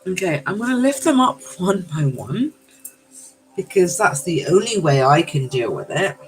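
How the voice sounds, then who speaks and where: A woman's lowish voice swings widely in pitch at a normal speed as she runs a live tarot reading on a rough recording. She's affectionate, calling her viewers darlings, and she exclaims, swears, and apologizes along the way.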